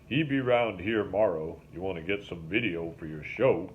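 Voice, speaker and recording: A man voicing a gruff, slow-talking male airboat driver from the swamp, with clipped rural grammar. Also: low-pitched, animated. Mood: deadpan. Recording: slightly dull recording with faint hiss.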